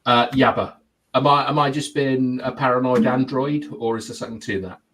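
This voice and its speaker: A fairly quick-talking man with a medium-pitched voice hosts a football chat show live, chatting casually and reading out comments from viewers. He's upbeat and talkative with frequent laughter, though the audio is poor.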